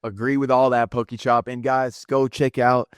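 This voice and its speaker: Brief: male podcast co-host, mid pitch, dry close sound, earnest, encouraging. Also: flat delivery, normal speed, clean tone, no room sound. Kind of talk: casual podcast chat.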